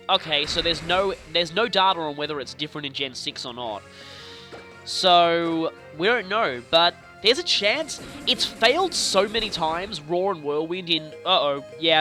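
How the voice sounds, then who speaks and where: A young man casually commenting on his video game play, chatty and playful with animated reactions. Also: a little high. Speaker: let's play host. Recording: faint game music behind.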